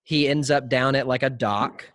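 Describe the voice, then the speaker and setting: Young guy podcast host, mid voice, dry sound, retells scenes in quick excited bursts. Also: mid-range voice, no echo. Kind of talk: casual conversational movie discussion.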